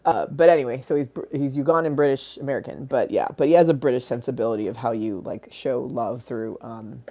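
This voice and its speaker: A woman chatting live from her phone, drifting from thought to thought and swearing casually as she reads out viewer comments. Her voice is low and mellow. She sounds loose and unscripted. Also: brisk. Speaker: livestream host. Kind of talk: casual livestream chat.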